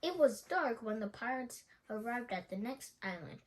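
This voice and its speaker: A woman reading a children's storybook aloud in a slow, expressive way. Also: on the high side. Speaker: storybook reader.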